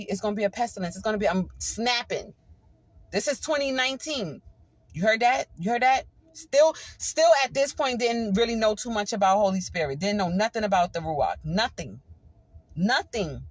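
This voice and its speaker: Woman, high-ish voice, fervent testimony preacher, dry close sound. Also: dry recording. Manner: fervent, calls out "come on here" often. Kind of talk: testimony sermon.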